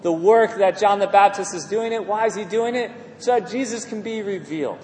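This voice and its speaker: A man preaching a sermon in a lively, animated way, often acting out quoted voices and repeating words as he builds a point. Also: high voice, a little fast, a little hiss or hum. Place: church hall. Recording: echoey hall with faint ambience.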